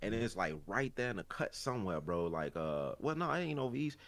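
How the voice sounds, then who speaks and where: Here's a lowish male voice, a touch fast, carrying a Chicago accent. He's a podcast co-host chatting casually and spinning animated yarns, loose and profane and thick with slang.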